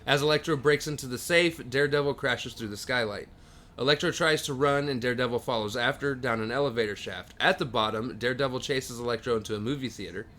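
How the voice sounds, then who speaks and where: Bright-voiced man recapping comics. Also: medium pitch, quick pace. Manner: summarizes plots at length, dry jokes. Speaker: podcast co-host. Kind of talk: casual comic book recap.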